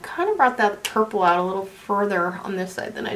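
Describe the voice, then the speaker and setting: A woman's voice: medium pitch, very animated, fairly quick, few pauses, a bit bright, a little hiss or hum. A young woman chatting casually through a makeup tutorial, rambling and correcting herself as she goes. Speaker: beauty vlogger.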